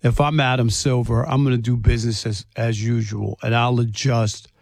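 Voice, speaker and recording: Gravelly man pushing back, dry sound. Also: medium pitch, level tone, moderate pace, a little mellow, no room sound. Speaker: sports talk co-host. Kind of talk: sports debate.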